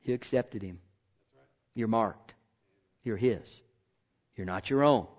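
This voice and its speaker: A man's voice: fairly low pitch, slow. Emphatic preacher man, muffled lo-fi sound. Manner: emphatic, swings between loud declarations and hushed asides, rhetorical questions. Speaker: pastor. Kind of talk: sermon. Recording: dull lo-fi recording.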